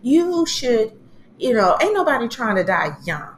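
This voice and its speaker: A woman hosting a casual solo TV recap, chatty and animated, acting out what people said in quoted voices. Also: a little high, unhurried, roomy sound, slight background noise. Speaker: TV recap host.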